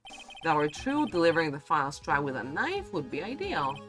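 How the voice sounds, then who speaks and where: A woman voicing an earnest young male defense lawyer, arguing firmly and deliberately. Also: low voice, big pitch swings, a bit bright, soft background music, voice pushed down.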